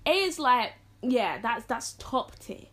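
A high-voiced teenage girl chats alone as a podcast host. Her pitch leaps around as she jokes and acts out quotes from family. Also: slow. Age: teens. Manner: animated, jokey, acts out quotes. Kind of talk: casual solo chat.

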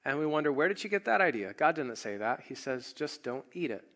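A man's voice: on the high side, very animated, brisk, fairly bright tone. A man preaching a sermon, retelling a story and acting out the quoted voices. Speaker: pastor.

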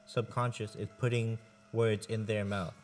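Low-voiced man rambling casually. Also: flat delivery, measured pace. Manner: rambling, swears often, heavy use of "like". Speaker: podcast co-host. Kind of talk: casual chat.

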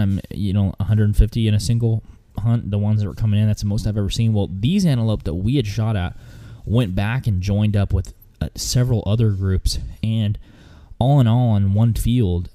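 A man's voice: lowish voice, dark tone. A man recounting a hunting trip in casual, rambling storytelling with lots of fillers and restarts.

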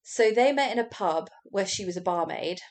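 A woman with a medium-pitched voice and lively intonation tells a true crime story on a podcast. Her manner is casual and chatty, with easy laughter and the occasional swear word.

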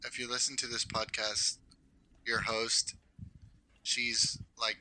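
A man's voice: mid-range voice, level tone, slow, pushed and bright, rough recording. A young man, a podcast guest, joking around and hyping up the host. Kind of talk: casual chat.

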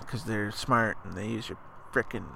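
A man's voice: on the low side, steady tone, normal speed, creaky, a crowd in the background. A man co-hosting a casual podcast, talking in a rambling, laid-back way. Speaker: podcast co-host. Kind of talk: casual chat.

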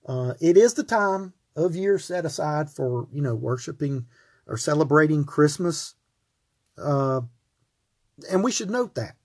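An earnest man closes out his Bible study, rambling warmly and circling back on his words. His voice is husky and sits a little high for a man. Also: animated, a little slow. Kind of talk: closing of a recorded Bible lesson.

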